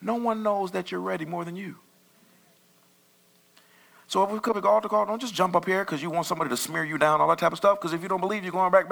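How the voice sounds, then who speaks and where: Guy preaching, kinda raspy gravelly voice, bright, bit high, jumps around a lot. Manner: animated, conversational preaching with sudden loud bursts. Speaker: pastor. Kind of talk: sermon.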